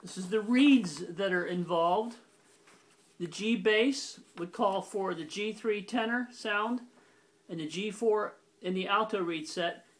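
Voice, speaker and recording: A man with a high-sitting voice speaks slowly while giving a casual accordion lesson. He explains each step in a plain, methodical way, stopping now and then to correct himself, with loud accordion playing under his voice.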